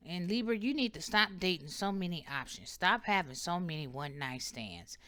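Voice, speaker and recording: Emphatic, bright-voiced tarot reader woman. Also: on the low side, lively intonation, moderate pace. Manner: emphatic, preachy, repeats "okay?" often. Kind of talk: casual spiritual advice monologue.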